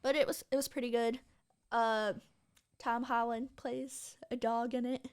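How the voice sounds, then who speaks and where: A woman's voice: on the high side, level tone, a little slow, clear, resonant tone. A young woman chatting casually on a podcast, telling anecdotes with acted-out quoted asides.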